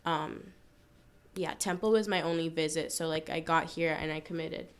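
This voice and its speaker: A woman's voice: sits low, steady tone, moderate pace, clean tone. Young woman, casual and filler-heavy. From Florida. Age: young adult. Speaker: student-athlete guest. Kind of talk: casual interview chat.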